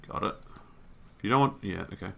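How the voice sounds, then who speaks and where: A man's voice: fairly low pitch, a little fast, vocal fry. A man doing let's play commentary, thinking aloud, reading on-screen text and swearing casually. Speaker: gaming YouTuber.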